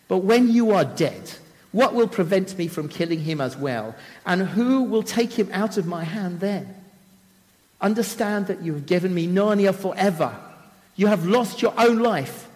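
A man's voice: sits high, a little mellow. A cruel witch queen gloats over her defeated foe in a quivering, declaiming voice, as a male storyteller puts her on. The voice rises and falls widely and carries a long reverb, as if spoken in a big hall. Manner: declaiming, triumphant taunts.

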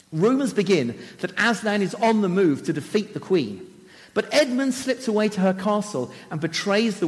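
A man's voice: sits high, in a large hall. A man giving a talk who vividly and dramatically retells a children's story.

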